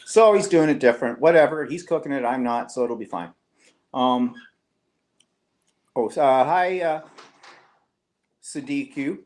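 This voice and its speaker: Man, live-stream co-host, chatty, teasing, mid-pitched voice. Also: animated, a little slow, long pauses, a little mellow. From Canada. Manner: chatty and teasing, reads viewer comments aloud. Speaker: co-host of a live online show. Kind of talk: casual live-stream chat.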